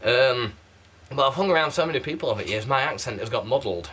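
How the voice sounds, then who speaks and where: A man's voice: medium pitch, lively intonation, fast talker, a bit bright, slightly rough. Chatty South Yorkshire man vlogging. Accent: mixed South Yorkshire English. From South Yorkshire, England. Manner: rambling, chatty, self-deprecating. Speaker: YouTube candle reviewer. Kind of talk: casual chat to camera. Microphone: PlayStation camera mic.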